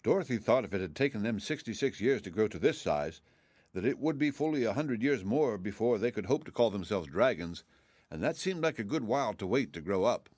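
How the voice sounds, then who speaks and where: A man reading a classic children's novel aloud as audiobook narrator, in a steady, plain way. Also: lowish voice, a little fast, no echo.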